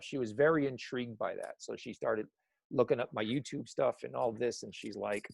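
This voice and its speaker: Male interview guest, mid-pitched, gravelly, rambling storyteller who keeps correcting himself. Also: normal speed, dry recording. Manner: rambling, frequent restarts and self-corrections.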